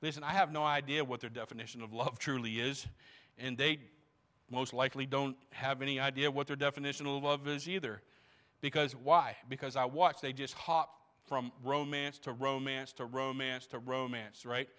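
A man's voice: mid-range voice, fairly even intonation, moderate pace, a bit bright. A man in his sixties, a pastor preaching to a congregation in church, emphatic, asking rhetorical questions and repeating words. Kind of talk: sermon.

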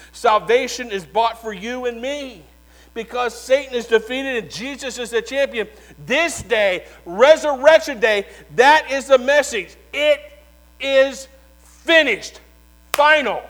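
Delivering his sermon as dramatic storytelling, a male preacher swings between quiet, slow stretches and loud proclamations. His voice is extremely high-pitched, and the audio quality is poor.

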